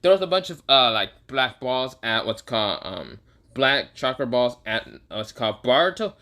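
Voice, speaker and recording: A young man retelling a fan story in a casual, rambling way, correcting himself and filling pauses often. His voice is bright and sharp. His pitch moves around a lot. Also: lively intonation. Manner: rambling, many fillers and self-corrections.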